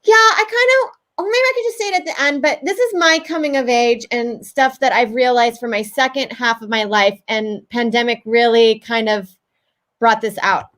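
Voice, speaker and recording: A woman's voice: fairly high pitch, normal speed, a bit bright. A woman in her forties co-hosting a film festival, friendly and upbeat in casual chat.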